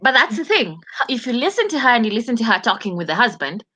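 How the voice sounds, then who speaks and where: A woman chatting as a panelist in casual commentary, animated and often restarting her words, from outside the US. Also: a little high, fast talker.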